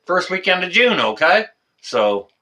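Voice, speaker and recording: Man, from Canada, livestream host, casual, excitable, filler-heavy, fairly high, sharp bright tone. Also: measured pace. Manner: excitable, loud exclamations, many fillers. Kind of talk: casual live-stream chat.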